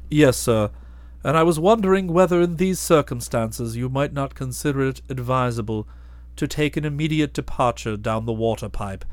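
A man voicing a deferential, unflappable valet who speaks in a measured, formal way. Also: mid-range voice, no echo, lightly acted. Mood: composed. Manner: measured and formal, trailing off softly on each "sir".

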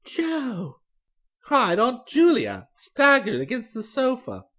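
A storybook reader tells a comic tale as a dry, amused young gentleman. The pitch moves very widely from line to line. The delivery stays wry and conversational. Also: huge pitch swings, normal speed. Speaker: audiobook reader. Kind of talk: storybook narration.

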